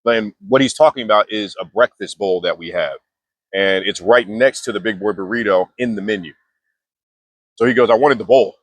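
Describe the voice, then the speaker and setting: A man's voice: lowish voice, moderate pace, a bit bright, dry recording. Laid-back slangy young man, dry sound. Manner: laid-back slangy talk with many restarts. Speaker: mindfulness vlogger. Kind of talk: casual storytelling monologue.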